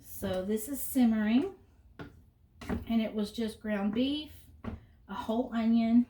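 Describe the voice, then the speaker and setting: A woman's voice: a little high, measured pace, pauses often, mellow, recorded from a distance, a little hiss or hum. Middle-aged lady yakking away over the stove, stories and asides, voice kinda off-mic in an echoey kitchen. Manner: chatty storyteller, rambling asides. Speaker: cooking vlogger. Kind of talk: casual chat while cooking. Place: home kitchen.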